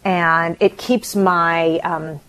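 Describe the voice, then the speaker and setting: A middle-aged woman co-hosting a radio show, talking in a shaken, emotional way with halting restarts. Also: lowish voice, steady tone, a bit bright. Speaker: radio co-host. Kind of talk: casual radio talk.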